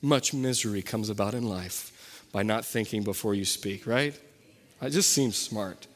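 A man's voice: on the low side, measured pace. Young male pastor, conversational sermon, self-correcting, long church reverb. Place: church sanctuary.

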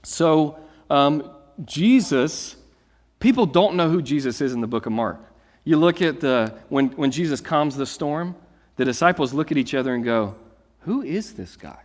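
A man preaching a sermon, reading scripture and then explaining it in a lively, conversational storytelling way. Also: mid-range voice, moderate pace, big-room sound. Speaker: pastor.

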